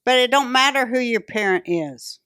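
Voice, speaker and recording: A woman's voice: a little high, lively intonation, normal speed, fairly bright tone, smooth, no echo, clean studio sound. A woman hosting a podcast in casual chat, blunt and profane with strong opinions. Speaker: podcast host.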